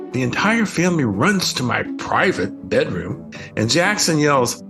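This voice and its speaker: An older man reads a bedtime story in a gentle, expressive way. His voice sits a little high and swings widely in pitch. Soft music plays underneath. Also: measured pace, vocal fry.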